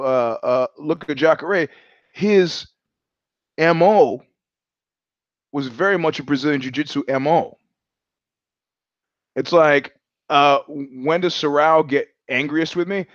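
A man hosting a podcast, talking in a casual monologue. He is an animated storyteller who acts out quoted voices, swears freely and often restarts his sentences. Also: a little high, dry recording, highs cut off. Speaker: podcast host.

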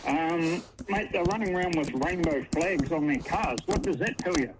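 A man with a New Zealand accent phoning a talkback show, angry and halting with many ums. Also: on the high side, a little hiss or hum, low-quality recording. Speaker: caller. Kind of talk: phone-in call.

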